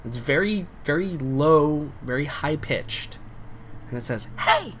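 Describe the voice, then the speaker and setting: A man's voice: fairly high pitch, slow pace, fairly bright tone, a little hiss or hum. A man narrating a tabletop game as game master, casual and rambling with many fillers.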